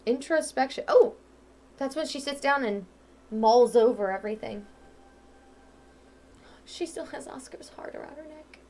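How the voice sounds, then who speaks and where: A woman's voice: high-pitched, measured pace, long pauses, a little mellow. A young woman from Ohio, chatting casually and rambling while she plays a game. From Ohio, USA. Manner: chatty, rambling, lots of "um" and "like", laughs easily. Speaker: let's-play host. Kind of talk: casual chat over gameplay.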